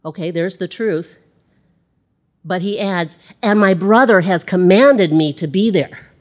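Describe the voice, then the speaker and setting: Female Bible teacher with a lowish pitch. Conversational sermon, reads verses aloud and adds asides, rising for emphasis. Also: unhurried.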